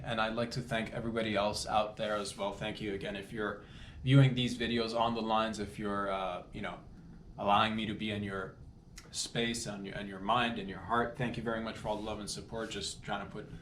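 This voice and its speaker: Low-voiced man rambling earnestly in echoey room. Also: fairly bright tone. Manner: rambling, earnest, self-interrupting. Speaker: comedy podcast host. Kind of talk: casual heartfelt monologue. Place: Toronto. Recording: echoey room with faint background noise.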